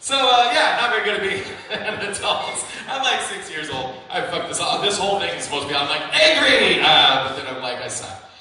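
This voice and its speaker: A young man performing stand-up with a high, very bright voice that leaps all over the place. He talks in a self-mocking, profane, excitable way. He is picked up from afar by a mic in an echoey room with a long reverb tail and faint noise. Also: fairly quick, recorded from a distance. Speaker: stand-up comedian. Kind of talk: stand-up set. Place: small comedy venue.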